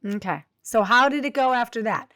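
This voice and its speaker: A woman hosting a podcast, telling stories in a chatty, energetic way and interviewing a guest. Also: on the high side, normal speed, no echo. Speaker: host.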